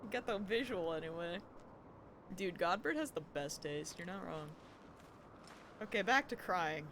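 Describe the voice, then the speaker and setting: Excitable young woman streamer. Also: lowish voice, a little slow, pauses often, background noise. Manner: excitable, emotional, laughs often. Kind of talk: live game stream commentary. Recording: game music behind.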